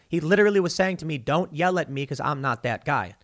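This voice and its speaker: A male podcast host giving a heated monologue, animated and stammering often as he restarts his sentences. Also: on the high side, fairly quick, hardly any pauses. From United States.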